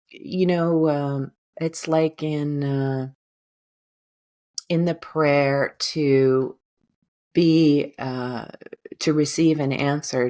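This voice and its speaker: A woman speaking as a healer on an interview podcast, calm and gentle, at times leading a guided breathing meditation. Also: low-pitched. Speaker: guest healer and hypnotherapist.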